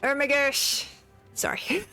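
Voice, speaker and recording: A woman streamer chats casually over her gameplay, laughing often and swearing freely. Her voice sits a bit high. Quiet music plays in the background. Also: slow.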